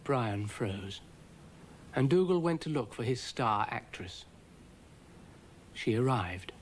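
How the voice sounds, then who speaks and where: Slow, dry storybook narrator, male. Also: medium pitch, lively intonation, slight background noise. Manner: dry and wry.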